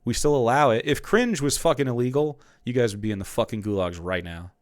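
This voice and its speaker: A man's voice: mid-range voice, lively intonation, fairly quick, no room sound, studio quality. A man streaming and ranting about politics in a heated, profane, mocking way.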